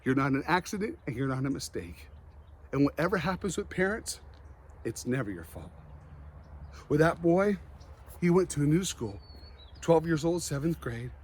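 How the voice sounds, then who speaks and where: A man giving an emotional motivational speech, earnest, with dramatic pauses and a slight stutter. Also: on the high side, expressive, slightly rough. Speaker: motivational speaker.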